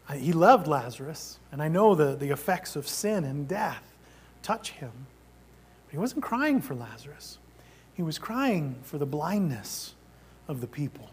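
Husky-voiced man preaching with dynamic swings. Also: fairly high pitch, animated, moderate pace. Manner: dynamic preaching, drops to near-whisper for emphasis. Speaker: pastor. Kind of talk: sermon.

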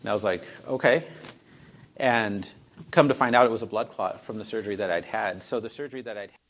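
A man's voice: lowish voice, fast talker, a bit bright, poor audio. A man telling a personal faith testimony in an earnest, rambling way, full of fillers and restarts.

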